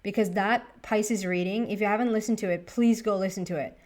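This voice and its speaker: A woman reading tarot in a relaxed, chatty way, her voice sitting at an ordinary middle pitch. She thinks aloud and talks straight to the cards as she works through a spread for her viewers. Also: a little fast. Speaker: tarot reader. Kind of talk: casual tarot reading monologue.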